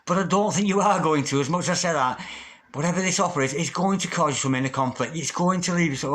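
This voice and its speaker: A man's voice: fairly high pitch, fast talker, fairly bright tone. A man giving a tarot reading in a video, repeating prayer-like invocations and exclaiming over the cards. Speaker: tarot reader.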